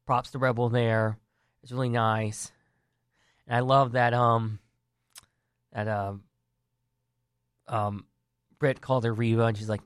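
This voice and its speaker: A man's voice: mid-range voice, level tone, slow pace, long pauses, clear, resonant tone, no room sound, studio quality. A man giving casual wrestling news and opinions, earnest and rambling, often restarting his sentences. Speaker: wrestling commentary vlogger.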